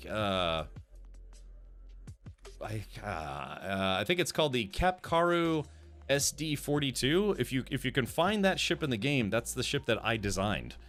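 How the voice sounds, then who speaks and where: A male streamer talks casually over a live game session, his pitch bouncing around freely. He rambles, restarts his sentences and answers chat as he goes. Faint game music plays underneath. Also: sing-song, unhurried, a bit bright.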